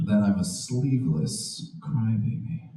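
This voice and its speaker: A young man doing a stand-up comedy set, animated, often jumping into high mocking voices for the people he quotes. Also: a little slow. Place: art house venue with live audience. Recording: echoey room, distant mic, faint noise. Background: audience laughter.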